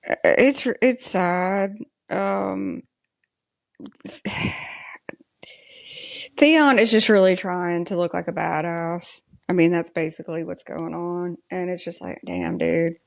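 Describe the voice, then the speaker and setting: A Southern US woman co-hosts a podcast, chatting unhurriedly through an episode recap and reading scene dialogue aloud. Her voice is lowish and creaky, with fairly even intonation.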